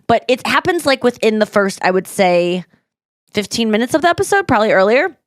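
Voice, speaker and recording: A woman's voice: fairly high pitch, big pitch swings, no room sound. A woman hosting a casual comedy podcast, rambling, cutting herself off and laughing easily. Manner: rambling, self-interrupting, quick to laugh. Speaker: podcast host.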